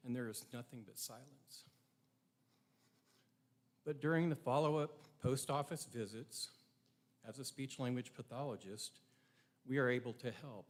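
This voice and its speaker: A middle-aged man giving a prepared ceremony speech, earnest and reflective, with rhetorical questions to his audience. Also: mid-range voice. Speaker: ceremony speaker.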